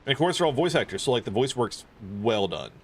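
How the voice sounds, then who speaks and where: This man's medium-pitched voice swings widely in pitch, moves quickly, and has a breathy edge. He's streaming a video game, rambling casually with heaps of filler words and swearing.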